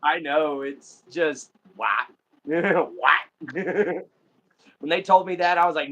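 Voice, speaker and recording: A man's voice: on the high side, slow, bright, forceful tone, muffled recording. An American man hosting a casual livestream, chatting and laughing often as he greets viewers. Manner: laughs often, friendly sign-offs. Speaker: livestream host.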